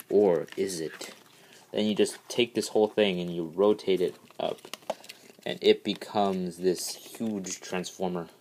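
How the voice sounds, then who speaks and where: A man with a very low voice walks through transforming a custom toy in a casual, rambling way. He keeps restarting his sentences and breaks into bursts of excitement. A faint hiss sits under the recording. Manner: eager, rambling, many "all right, so" restarts.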